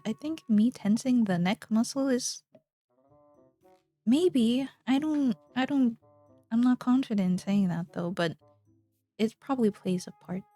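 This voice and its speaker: Young woman, streamer, giggly, rambling, unhurried, close dry sound. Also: medium pitch, mellow, dry recording. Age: young adult. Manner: rambling, giggly, trails off mid-sentence. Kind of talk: casual chat with stream chat.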